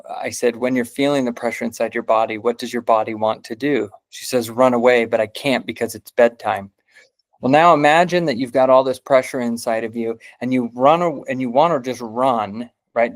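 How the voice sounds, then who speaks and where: A man who is a parent teaches about body sensations, telling a story in a loose, casual way with many fillers. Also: medium pitch. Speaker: trauma healing teacher.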